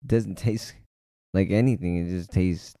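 Brief: young guy, low gravelly voice, dark tone, blunt skeptical remarks. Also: fairly even intonation, slow, dry recording. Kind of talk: casual crude chat among friends.

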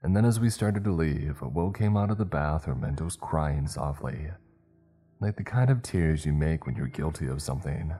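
A man reading a horror story aloud in a steady, measured storytelling manner. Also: very deep voice, faint music behind. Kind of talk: scripted horror narration.

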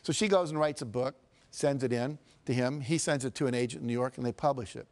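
A man's voice: mid-range voice, quick pace, darkish tone. A man from the United States giving a live motivational seminar talk, telling stories, acting out quotes and questioning the audience directly. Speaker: motivational speaker.

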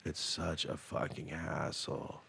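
A man hosting a podcast in casual chat, telling stories bluntly and profanely, dropping to low mutters and then bursting out loud as he acts out the people in them. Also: little pitch movement, slow, gravelly, heavy background noise. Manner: profane, blunt storytelling that acts out quoted voices. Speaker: podcast host.

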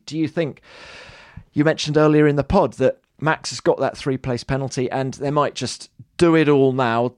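Relaxed man podcast co-host. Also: mid-range voice, dry recording, clean studio sound. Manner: relaxed, conversational, with restarts. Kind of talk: casual chat.

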